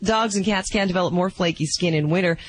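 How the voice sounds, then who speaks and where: A man's voice: high-pitched, fast, no room sound, low-quality recording. Man reading radio pet news. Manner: jokey asides between news items. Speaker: news reporter.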